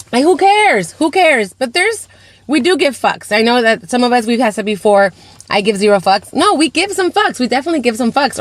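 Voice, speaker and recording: A woman's voice: on the high side, no room sound. A woman coaching and co-hosting a podcast, talking encouragingly and slipping into Spanish mid-sentence. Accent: Latina American English with Spanish words. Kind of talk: casual podcast chat.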